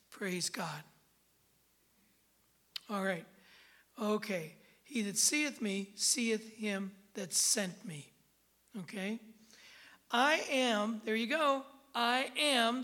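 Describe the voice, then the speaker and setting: Bright-voiced woman preaching a sermon. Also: fairly high pitch. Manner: emphatic, checks in with the congregation often. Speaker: pastor.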